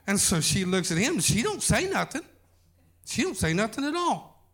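A man's voice: high voice, big pitch swings, moderate pace, a bit bright, husky. A man preaching a sermon, telling a folksy story as pastor.

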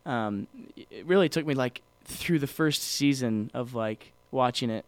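This is a man with a smooth, clear voice, co-hosting a podcast in a loose, rambling way, full of ums and restarts. He sounds close and dry, with no room around him. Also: medium pitch, a little slow, dry recording. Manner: rambling, many fillers and restarts. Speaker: podcast co-host. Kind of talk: casual chat.

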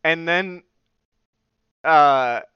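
A man's voice: a little high, very slow, pushed and bright, smooth, no echo. A young man telling a personal story on his podcast, swearing freely and acting out the voices of people he quotes. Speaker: podcast host. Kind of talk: casual storytelling. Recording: slightly dull lo-fi sound.

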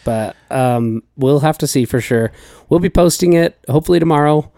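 A man co-hosting a casual podcast, easygoing and quick to laugh. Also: a little high, warm tone, no room sound, studio quality. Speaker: podcast co-host.

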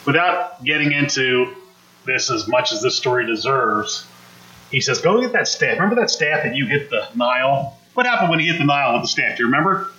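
A man's voice: medium pitch, animated, fairly quick, sharp tone, reverberant, highs cut off. A man preaching a conversational sermon, acting out quotes and asking the congregation questions. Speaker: pastor.

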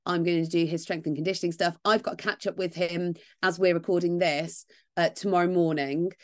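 A woman's voice: on the low side, steady tone, brisk, no echo, clean studio sound. A woman co-hosting a casual running podcast, bubbly and agreeable, often chiming in with yeah. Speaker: podcast co-host and strength coach.

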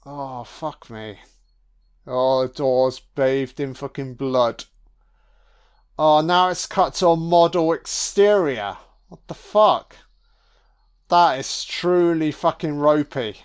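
A man's voice: a little high, slow, clean tone. A man giving a casual film commentary, sweary, sarcastic and mocking.

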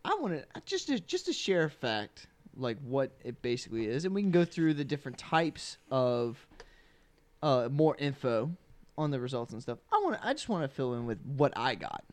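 Lively laughing young male podcast host. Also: medium pitch, normal speed, dry recording. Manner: rambling, laughs often, restarts sentences. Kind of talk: casual podcast chat.

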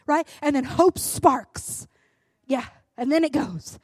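Woman in her thirties, bright high voice, folksy devotional speaker who builds to fervent urging. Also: unhurried, no echo. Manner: chatty, keeps asking "right?"; emphatic, rises to fervent urging. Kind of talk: conversational sermon.

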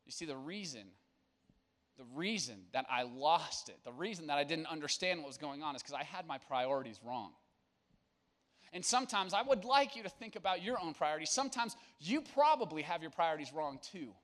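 Young guy pastor, bright voice kinda high, joking around with the youth group at church. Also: a little fast. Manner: casual, joking and energetic, then earnest. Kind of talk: sermon to young people.

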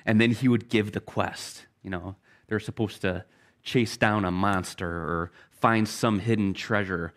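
A middle-aged man preaching a sermon as pastor, earnest, telling stories and slowing down for key phrases. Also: fairly low pitch, fairly even intonation, fairly bright tone.

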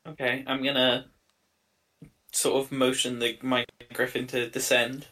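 A man's voice: mid-range voice, little pitch movement, unhurried, pushed and bright. A man playing a tabletop game, asking curious questions and tripping over his words. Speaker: player.

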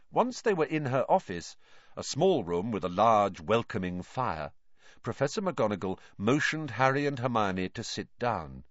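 A man narrating a storybook reading in an expressive, animated way. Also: medium pitch, no room sound. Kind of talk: audiobook reading. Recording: dry, dull lo-fi.

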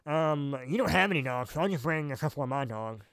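A man co-hosting a casual podcast chat, relaxed and trailing off with fillers as he thinks. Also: a little high, brisk, creaky, dry recording. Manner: laid-back, trails off with fillers. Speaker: podcast co-host.

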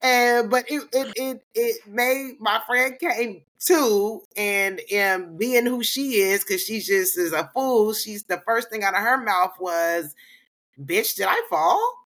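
Woman, podcast co-host, casual storytelling, bright forceful voice, animated, profane slang. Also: medium pitch, slow pace, few pauses. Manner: animated, laughs often, acts out quoted voices.

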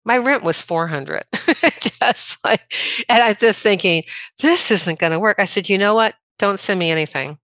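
A woman in her sixties from the American Midwest, a chiropractor telling personal stories in a casual interview, chatty and quick to laugh. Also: medium pitch, lively intonation, fairly bright tone, no echo. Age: 60s. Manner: chatty, anecdotal, laughs often. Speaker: podcast guest, chiropractor.

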